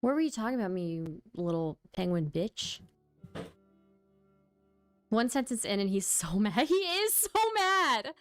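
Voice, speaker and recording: A woman's voice: medium pitch, animated, normal speed, long pauses, dark tone, dry recording, soft background music. A woman hosting a livestream in casual chat, wry and tired, laughing at her own jokes and thanking viewers for donations. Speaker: livestream host.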